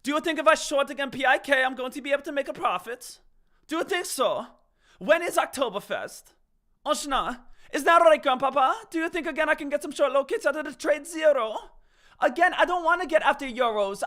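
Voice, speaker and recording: A man putting on an exaggerated mock Irish voice, playing a hammy, excited character in an over-the-top, singsong way. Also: sits high, measured pace, clear, resonant tone.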